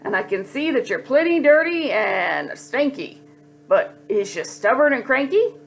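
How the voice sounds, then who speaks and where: Cranky male pirate captain in a kids' storybook, gruff and loud, read by a woman. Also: high-pitched, very animated, unhurried, soft background music, exaggerated voice. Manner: rhyming, bellowing pirate talk.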